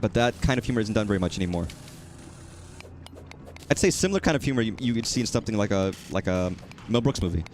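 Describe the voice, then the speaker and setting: A man's voice: lowish voice, animated, fast, long pauses. A man chatting casually while streaming a game, rambling and swearing at enemies. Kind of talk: casual gaming commentary.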